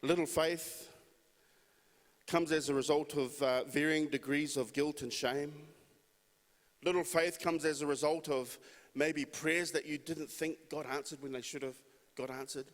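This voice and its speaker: A man's voice: fairly high pitch, fairly even intonation, measured pace. A man preaching a sermon in a conversational storytelling way. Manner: conversational, storytelling with acted quotes. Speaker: pastor. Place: church hall. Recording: long hall reverb.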